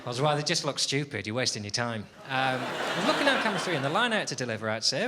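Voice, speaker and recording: A man doing a stand-up routine on a club stage, self-deprecating and grumbling, dropping to mutters and rising to loud rants. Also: medium pitch, very animated, very fast, few pauses. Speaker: stand-up comedian. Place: comedy club stage with audience. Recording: live stage recording with audible background noise.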